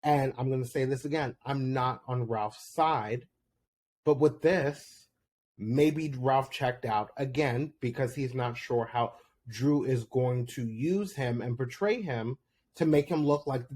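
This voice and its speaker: Male podcast host, mid-range voice, casual solo commentary, candid, laughs easily, spikes high when excited. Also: measured pace. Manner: chatty, candid, with laughs and sudden high bursts.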